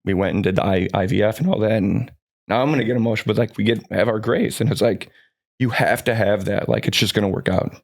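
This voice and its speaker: A man in his forties with a fairly low voice, telling stories from his life as a guest on a podcast. He rambles with plenty of restarts and keeps an earnest, upbeat tone. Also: fast, vocal fry, a little mellow. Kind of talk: personal storytelling in a podcast chat.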